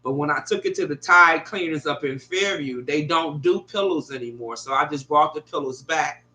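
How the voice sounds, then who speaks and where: A middle-aged woman rambles through a story to her viewers, swearing freely and talking in an animated way. Her voice is bright and forceful. The bedroom where she records sounds echoey. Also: low voice, moderate pace. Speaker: vlogger. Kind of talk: casual profane storytelling to viewers. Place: bedroom at home. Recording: echoey room.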